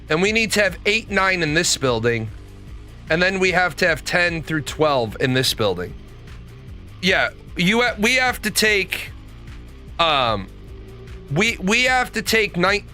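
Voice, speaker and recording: A man's voice: high voice, sharp tone. A middle-aged man telling blunt, profane stories in a casual monologue as host.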